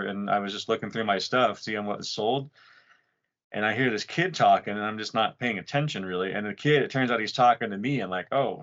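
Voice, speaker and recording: A man's voice: fairly low pitch, fairly bright tone, lo-fi sound. A man co-hosting a podcast, grieving a friend, telling rambling, profane stories in casual chat. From Utah. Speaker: podcast co-host.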